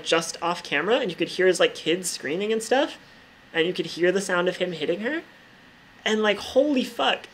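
A woman talking casually over her own gameplay as a vlogger, full of "like" fillers and freely swearing. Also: medium pitch. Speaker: gaming vlogger.

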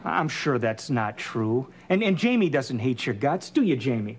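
Casting: a flustered middle-aged sitcom dad, stammering, animated pitch, hissy old TV tape. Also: male voice, moderate pace. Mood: polite. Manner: exasperated, stammering. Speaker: sitcom father. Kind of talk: 1980s sitcom acting.

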